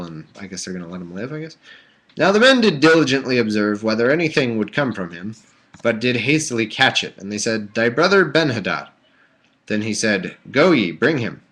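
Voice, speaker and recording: A man's voice: fairly low pitch, bright, forceful tone. A man hosting a livestream, reading Bible passages aloud in a mock-solemn voice and breaking off into sarcastic jokes. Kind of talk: casual reading with joking asides. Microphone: webcam or desk mic on a home livestream.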